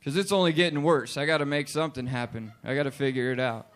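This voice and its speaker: A man's voice: medium pitch, fairly even intonation, fast. A man in his late twenties doing a profane, punchy stand-up comedy set in a bar. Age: 20s. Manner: profane, loud, punchy delivery with put-on voices. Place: bar stage with live audience.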